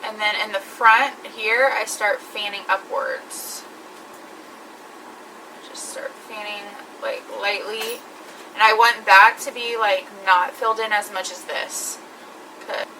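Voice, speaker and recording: A woman with a bright, crisp voice explains each step of her makeup in a chatty vlog. She sounds set back from the mic, with a faint hum of the room behind her. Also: mid-range voice, fairly even intonation, takes it slowly, recorded from a distance, poor audio. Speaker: beauty vlogger. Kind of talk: makeup tutorial.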